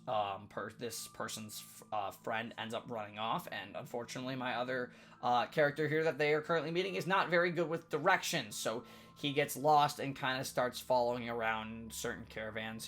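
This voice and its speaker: A man, the dungeon master, casually recapping a tabletop game session in a rambling, animated way. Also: mid-range voice. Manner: rambling, many fillers and restarts, animated.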